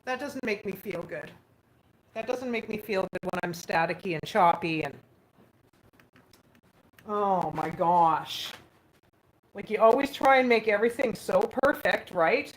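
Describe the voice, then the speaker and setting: A woman hosting a casual live stream from her home kitchen on a phone, chatting and reading out viewer comments as she answers them. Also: mid-range voice. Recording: echoey room, faint background hum.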